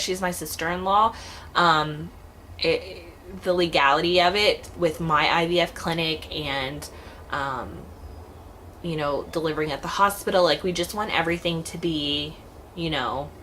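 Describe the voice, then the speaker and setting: A woman's voice: low-pitched, a bit bright, a little hiss or hum. A woman in her thirties talking casually to her vlog viewers in a chatty, rambling, heartfelt way. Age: 30s. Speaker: vlogger. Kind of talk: casual vlog talk to camera.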